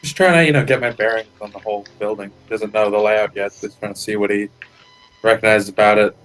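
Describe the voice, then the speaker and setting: A man's voice: lowish voice, steady tone, fast talker, a bit bright, soft background music, poor audio. Easygoing male player.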